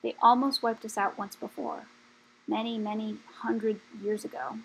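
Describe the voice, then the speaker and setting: A woman voicing an old, weary male dragon leader in a storybook reading, speaking slowly and gravely. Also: fairly high pitch, little pitch movement, a little hiss or hum, poor audio. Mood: solemn.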